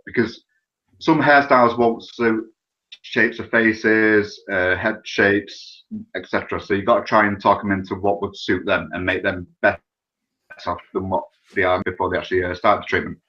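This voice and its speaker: A man's voice: on the low side, flat delivery, moderate pace, pushed and bright, lo-fi sound. A British man, a guest on a podcast, talking informally and rambling about his barbering work. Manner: rambling, informal, filler-heavy. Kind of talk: casual podcast interview.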